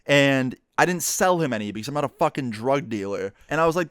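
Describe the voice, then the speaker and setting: A young man, a YouTuber, telling a personal story casually, profane and animated, with lots of quoted dialogue. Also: mid-range voice, brisk, few pauses, clear, resonant tone, no echo, studio quality.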